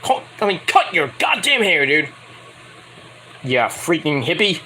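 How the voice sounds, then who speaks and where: A man's voice: on the high side, unhurried, slight background noise. A man casually recapping a wrestling show in a rambling, profane way, acting out what the wrestlers said in mock voices. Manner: rambling, animated, acts out quotes in mock voices.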